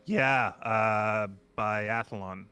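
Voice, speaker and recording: A man's voice: lowish voice, extremely slow, clear, resonant tone, soft background music. A man co-hosting a podcast, chatting casually and joking while sharing trivia. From Canada. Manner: chatty, jokey, lively. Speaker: podcast co-host.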